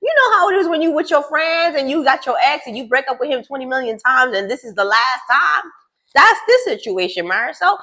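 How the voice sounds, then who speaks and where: A woman's voice: high voice, animated, normal speed, bright, forceful tone. A woman recapping a reality show in a casual gossip style, sassy and teasing as she talks straight to the cast.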